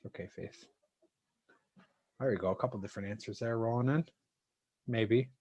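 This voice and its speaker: A man's voice: medium pitch, moderate pace, a little mellow, muffled recording. A man teaching a chemistry lesson to an online class, talking casually and thanking students by name.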